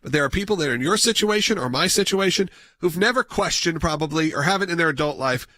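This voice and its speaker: Bright-voiced male talk radio host. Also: a little high, animated, quick pace, dry recording, studio quality. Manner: earnest, appreciative, takes calls.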